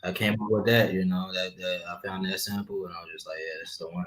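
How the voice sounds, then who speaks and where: A man's voice: low-pitched, fairly even intonation, fast talker, a bit bright, poor audio. A man who is a rapper and producer, a guest in a podcast interview, speaking in a thoughtful way with many fillers. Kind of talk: casual interview talk.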